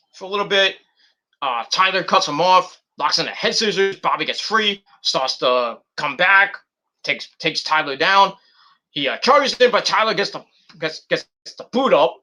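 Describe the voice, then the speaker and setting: A man whose voice is a little high casually recaps a wrestling show on his vlog, full of energy, cursing freely and playing out what people said.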